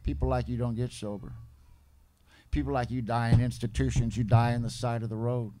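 A man voicing an older male sponsor who talks bluntly and calmly, in a fatherly way. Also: medium pitch, fairly quick, natural voice.

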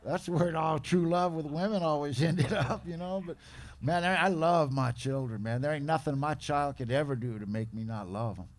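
A man's voice: a little high, moderate pace. A middle-aged man giving personal testimony at a recovery meeting, in casual slangy talk, acting out other people's lines as he goes.

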